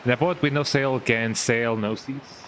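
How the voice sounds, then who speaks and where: A man's voice: medium pitch, steady tone, moderate pace, a bit bright, slight background noise, natural voice, poor audio. A man voicing a wise old talking boat who guides the hero, in a grave, stately way. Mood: wry. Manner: grave, stately storybook delivery.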